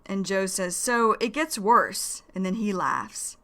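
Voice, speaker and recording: Slow, bright-voiced woman teaching English. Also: mid-range voice, lively intonation. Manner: slow, careful, repeats key phrases. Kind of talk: slow explanatory vocabulary lesson.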